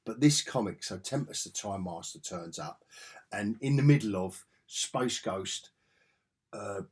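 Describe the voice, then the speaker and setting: A man's voice: on the low side, animated, unhurried, darkish tone, slightly rough. A man talking through comic books in a casual review vlog, chatty and enthusiastic.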